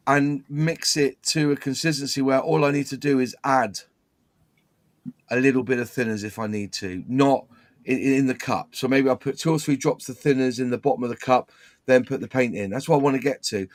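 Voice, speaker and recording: A man's voice: mid-range voice, dry recording. A man on a modelling live chat, explaining his paint routine in a rambling, self-correcting way. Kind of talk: casual chat.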